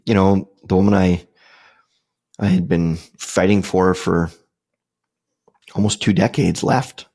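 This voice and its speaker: A middle-aged man with a deep, gravelly voice tells a personal story on his podcast. His tone is husky and unpolished. He rambles loosely, piling up fillers and restarts as he goes. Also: steady tone, slow, long pauses, a little mellow. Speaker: podcast host.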